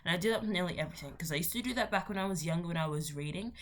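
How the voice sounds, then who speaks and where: A woman's voice: on the low side, rapid-fire. A young adult woman vlogging in a casual, rambling monologue, full of playful slangy asides and self-interruptions. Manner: rambling, self-interrupting, jumps between topics.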